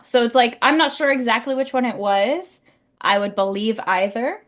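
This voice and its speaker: Podcast co-host, woman, enthusiastic and casual, lots of "like", a bit high-pitched. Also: moderate pace. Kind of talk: casual chat.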